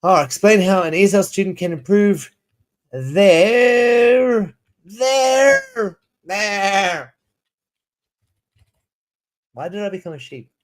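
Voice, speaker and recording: A South African ESL teacher in his thirties chats casually on a livestream, rambling, restarting sentences, and reading prompts aloud. He speaks in a high voice at a quick pace with few pauses.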